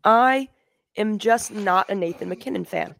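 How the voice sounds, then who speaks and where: Joking around on a sports podcast she co-hosts, this woman rambles through casual chat, often pausing on ums and starting over. Her mid-range voice is gravelly and fairly bright, at a normal speed, recorded dry.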